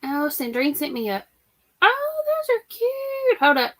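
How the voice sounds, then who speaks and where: Woman, middle-aged, high voice, chatty and rambling, livestream host. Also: wildly swooping pitch, unhurried, fairly bright tone. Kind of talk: casual chat reading live comments.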